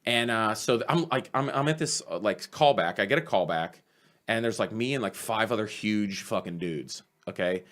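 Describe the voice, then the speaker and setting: A comedian, telling stories in a casual podcast chat, animated and swearing freely. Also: male voice, fairly low pitch, moderate pace. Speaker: comedian guest.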